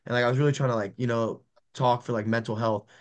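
A man's voice: medium pitch, fast. A man, an MMA fighter co-hosting a podcast, telling fight stories in casual chat and acting out the quotes with laughter. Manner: animated, laughing storyteller, acts out quotes.

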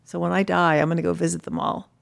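Middle-aged woman, interview guest, chatty and filler-heavy, a bit of fry in the voice. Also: fairly low pitch, little pitch movement, fast talker. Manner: chatty, lots of "you know" fillers, acts out quoted voices. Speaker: artist guest. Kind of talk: casual interview storytelling.

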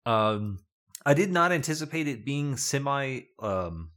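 A man's voice: medium pitch, animated, unhurried, a bit bright. A man co-hosting a casual podcast, chatting in a jokey way and laughing often. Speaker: podcast co-host.

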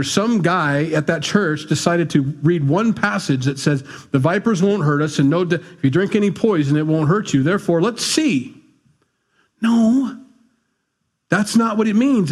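A middle-aged male pastor preaching a conversational, animated sermon with asides. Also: high voice, husky.

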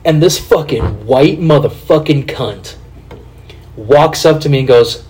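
A man from Kansas City hosts a casual podcast chat at a medium pitch. He tells his stories with lots of cursing and animated energy. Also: measured pace. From Kansas City, USA. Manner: profane, animated storyteller. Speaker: podcast host.

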